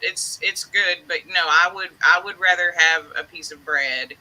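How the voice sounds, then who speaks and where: Very bright-toned woman chatting. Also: lowish voice, moderate pace, low-quality recording. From Texas, United States. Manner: chatty, enthusiastic, laughs easily. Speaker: livestream co-host. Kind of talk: casual livestream chat.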